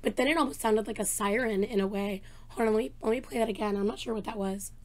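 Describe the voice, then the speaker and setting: A woman hosting a reaction vlog, chatting excitedly with a hoarse voice she is losing, talking into a desk microphone with many fillers. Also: medium pitch, fast, a little hiss or hum. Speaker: reaction channel host. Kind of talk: casual chat to camera.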